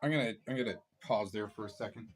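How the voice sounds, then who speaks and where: A man commenting on a clip he has paused, explaining things in a casual and mildly mocking way. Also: lowish voice, husky.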